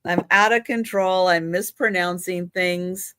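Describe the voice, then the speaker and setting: A woman's voice: on the low side, steady tone, unhurried, sharp tone, slight background noise. A woman hosting a live online auction, chatty and laughing at her own slips. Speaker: live sale host.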